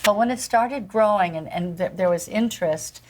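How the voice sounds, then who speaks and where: A woman's voice: mid-range voice, moderate pace. An older woman hosting a casual lunch conversation in a restaurant, telling stories with many restarts and hesitations. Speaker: podcast host.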